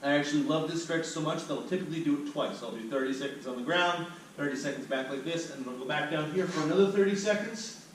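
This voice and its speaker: A man coaches a cool-down routine as a fitness instructor, explaining each stretch as he demonstrates it in an upbeat, quick-paced way. His voice is a little high, and the sound echoes heavily around a bare room, with the mic some distance away and faint noise underneath.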